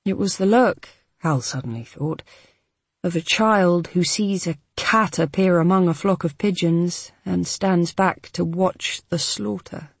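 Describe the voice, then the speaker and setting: A reader narrating a novel in a measured, even storytelling delivery. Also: medium pitch, gravelly, slightly rough, no echo. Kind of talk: scripted audiobook narration.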